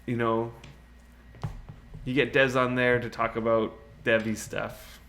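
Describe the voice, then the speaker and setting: A man's voice: medium pitch, flat delivery, slow pace, fairly bright tone. A man chatting casually on a game live stream, rambling, laughing often and answering viewers' chat. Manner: laughs often, with many fillers like "you know".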